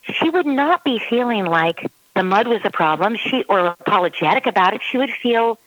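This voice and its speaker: A woman's voice: mid-range voice, expressive, normal speed, a bit bright, no echo, rough recording. Woman parenting expert, dry close sound. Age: adult parent. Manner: acts out a child's voice in quotes. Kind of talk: casual advice talk.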